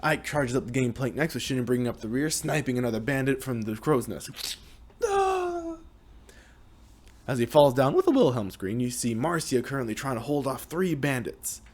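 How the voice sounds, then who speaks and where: A man's voice: medium pitch, fairly quick, hardly any pauses. Casual young man telling a game story. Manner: lively, hesitant retelling with restarts.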